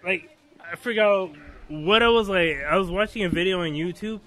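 A man's voice: high voice, moderate pace, fairly bright tone. A man in a casual podcast chat who rambles, with a lot of "like" and "you know". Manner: rambling, heavy use of fillers like "you know".

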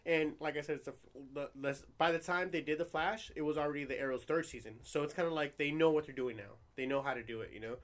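A man's voice: fairly high pitch, quick pace, few pauses. A man in casual conversation who talks enthusiastically, swears freely and says he is from New Jersey. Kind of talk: casual chat.

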